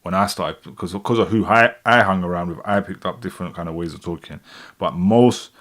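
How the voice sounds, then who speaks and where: A man with a London accent chats casually on a livestream, reading comments aloud. His voice sits on the lower side, and his delivery is loose and rambling, full of restarts and laughter. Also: fairly quick, fairly bright tone. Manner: rambling, laid-back, laughs often, many fillers and restarts. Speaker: rapper and livestream host.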